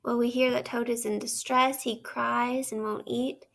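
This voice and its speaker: A woman teacher reads a story aloud in a measured way and stops to ask the listener questions. Her voice sits high for a woman and carries a strong gravelly fry. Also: flat delivery, fairly bright tone. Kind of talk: read-aloud lesson narration.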